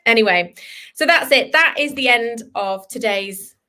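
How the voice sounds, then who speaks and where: Animated woman teaching kids. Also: a little high, measured pace. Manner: animated, chatty, acts out dog voices. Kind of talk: live online lesson for children.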